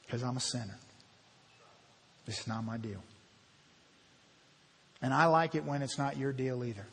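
A man preaching from the pulpit in a church sanctuary, sharing his heart in a candid, conversational sermon. His fairly high voice rings out with a long, lingering reverb. He speaks gently and then pushes up into emphatic, louder stretches. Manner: heartfelt, confessional, builds to emphatic bursts. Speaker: pastor.

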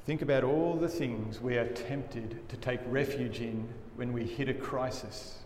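A man preaching a sermon as a pastor, earnest and emphatic, often dropping his voice low for weight. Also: unhurried, darkish tone. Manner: earnest, emphatic preaching with dramatic drops in volume. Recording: echoey hall with faint room noise.

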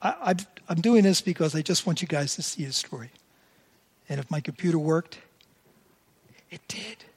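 A man's voice: a little high, expressive, normal speed, pauses often, breathy edge. A man in his seventies preaching a sermon, telling stories in a conversational way and acting out quoted lines. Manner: conversational storytelling, voices quotes animatedly.

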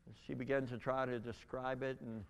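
An older man giving a spoken testimony, telling a story earnestly with halting restarts. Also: mid-range voice, level tone, gravelly, clear, resonant tone. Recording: long reverb in a large hall.

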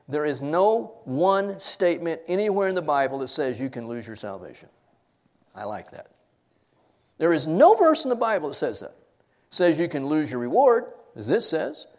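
A middle-aged man delivering a sermon in a somewhat high voice. He preaches emphatically, pushing his voice up for stress and letting it fall to near quiet. The tone is insistent and direct. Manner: emphatic, rises and drops sharply for stress. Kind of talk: expository sermon.

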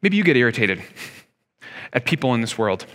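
A man's voice: medium pitch, sing-song, brisk, fairly bright tone. A man in his thirties preaching a sermon as pastor, talking conversationally and asking his listeners rhetorical questions. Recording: long hall reverb.

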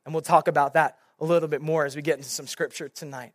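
A young man, a youth pastor, preaching a sermon in an animated storytelling way, with many casual fillers. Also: a little high, quick pace, no room sound, studio quality.

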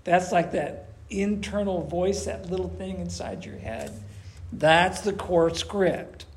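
A man preaching a conversational sermon to his church, animated and acting out little voices as he talks. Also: fairly high pitch, gravelly. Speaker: pastor.

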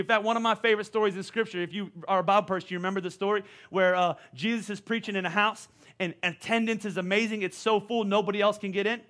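A man in his forties preaching a sermon, energetic and repeating words as he stresses his points. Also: high-pitched, fast, few pauses. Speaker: pastor.

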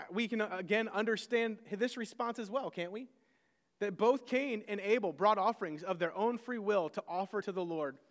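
A man's voice: high voice, fairly bright tone, long reverb tail. A man, a pastor, preaching a sermon conversationally, with self-deprecating asides to the congregation.

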